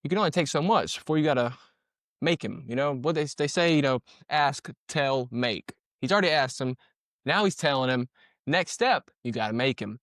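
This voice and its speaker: Here a police-footage commentator uses a mid-range, slightly bright voice, animated and at a moderate pace. There's no echo on the clean studio recording, and he keeps it slangy and conversational, repeating himself and adding sound-effect words.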